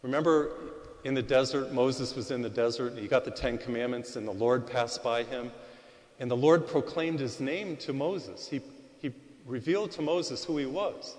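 A man giving a Gospel reading and homily as a priest, speaking directly to a congregation through a loud microphone and leaning on rising emphasis to tell his stories. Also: medium pitch, normal speed. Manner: talks straight to the congregation and asks them to repeat phrases. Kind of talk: sermon. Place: large church before a congregation. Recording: long church reverb.

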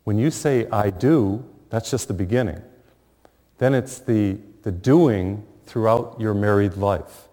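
A middle-aged man preaching a sermon, telling a funny family story with lively pauses and warmth of humor. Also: lowish voice. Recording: long hall reverb.

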